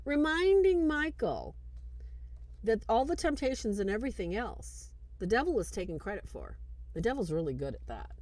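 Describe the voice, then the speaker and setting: A woman hosting a film review show, casually retelling scenes in an animated, conversational live-stream style. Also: medium pitch, fairly quick, dry recording.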